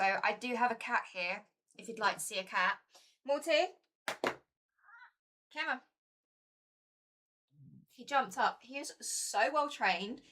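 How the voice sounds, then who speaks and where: Bright, chatty woman streaming. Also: fairly high pitch. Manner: chatty, giggly, easily excited. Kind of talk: casual live-stream board game playthrough.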